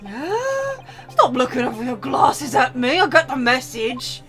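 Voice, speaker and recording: A woman streamer voicing a brash, cheeky young female street vendor in a squeaky, loud voice. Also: expressive, unhurried, over music. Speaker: game streamer. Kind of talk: reading game dialogue aloud.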